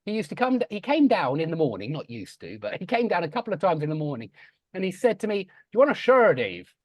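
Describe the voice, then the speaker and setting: A man's voice: sits high, quick pace, no echo. A man with a London accent, chatting and telling stories as he runs an English conversation class. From London area, England. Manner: chatty, animated storyteller.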